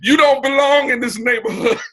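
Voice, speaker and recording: A man putting on the voice of a stern male police officer who shouts at someone to leave, in a mocking high tone. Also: steady tone, a little fast, heavily acted.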